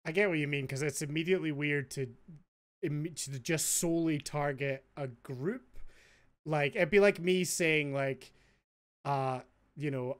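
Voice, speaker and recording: A man hosting a podcast in casual chat, chatty and quick to laugh as he retells stories. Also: fairly high pitch. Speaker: podcast host.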